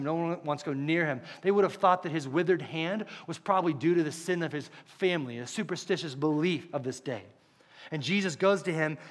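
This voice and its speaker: A male pastor preaching a sermon to his church, stressing points by repeating them and swinging between hushed and loud. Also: a little high. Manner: emphatic, repeats key phrases, shifts between hushed and loud. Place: church service.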